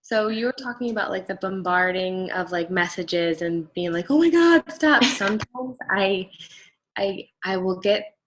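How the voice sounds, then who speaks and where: A woman's voice: lowish voice, steady tone, a little slow, fairly bright tone, poor audio. Hesitant woman asking a question. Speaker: group member asking a question. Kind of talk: casual question in a group chat.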